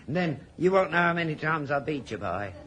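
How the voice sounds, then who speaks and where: A man's voice: a little high, sing-song, fairly quick, a bit bright, slight background noise. An actor playing a cantankerous, taunting old rag-and-bone man in a vintage radio sitcom. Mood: gloating. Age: older. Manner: needling, gloating, cantankerous. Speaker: grumpy old father in a sitcom.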